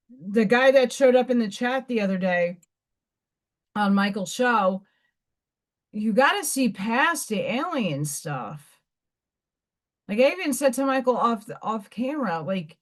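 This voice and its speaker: New york lady hosting a live stream, slow rambly chat, keeps restarting, kinda high voice. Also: darkish tone. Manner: rambling, loose chat with many restarts and fillers. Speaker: livestream host.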